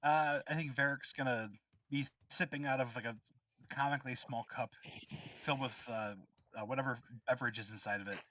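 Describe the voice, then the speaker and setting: A man's voice: medium pitch, steady tone, a little fast, sharp tone, recorded from a distance, low-quality recording. A man playing in a tabletop game, describing his character's actions hesitantly with fillers. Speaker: player.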